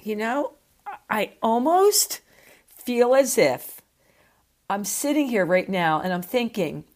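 A woman's voice: on the high side, very animated, slow. A woman hosting a casual chat, frank and enthusiastic, swearing casually as she asks questions. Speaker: host.

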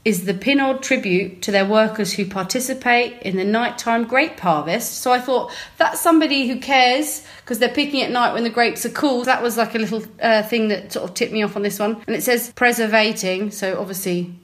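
Chatty young Englishwoman, a bit high. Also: fairly quick, few pauses, a bit bright. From England. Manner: chatty and wry, laughs often. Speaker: co-host. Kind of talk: casual chat.

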